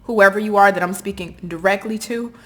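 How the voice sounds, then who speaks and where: A woman talks straight to the listener as a tarot reader, heartfelt and earnest, and doesn't soften her blunt warnings. Her voice sits at an ordinary middle pitch. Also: brisk. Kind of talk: direct-to-viewer tarot reading.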